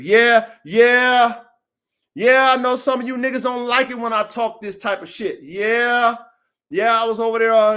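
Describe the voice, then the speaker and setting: Boastful male podcast host, very high voice, profane and loud. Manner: swaggering, profane, repetitive, bursts into shouting. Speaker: podcast host and dog breeder.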